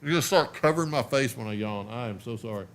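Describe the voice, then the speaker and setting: A man's voice: medium pitch, fast talker. A man in his forties hosting a casual live stream from home on a webcam, rambling and chatty, sleepy and yawning. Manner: rambling, self-interrupting, chatty.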